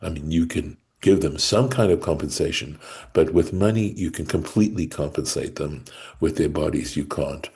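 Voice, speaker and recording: A man teaching a Talmud study class, reading Hebrew and Aramaic phrases aloud and translating them, often pausing with "right?" and restarting his sentences. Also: rumbling low, darkish tone, husky. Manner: halting, restarts mid-sentence. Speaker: Torah teacher. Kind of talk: text study lesson.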